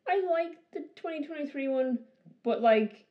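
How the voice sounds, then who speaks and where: A woman's voice: sits high, moderate pace, muffled recording. A woman co-hosting a podcast, talking casually with many fillers and frequent laughter. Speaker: podcast co-host. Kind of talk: casual chat.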